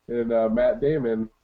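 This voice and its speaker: A man co-hosting a podcast in casual chat, joking, swearing and laughing a lot. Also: mid-range voice. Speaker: podcast co-host. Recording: dull, muffled audio.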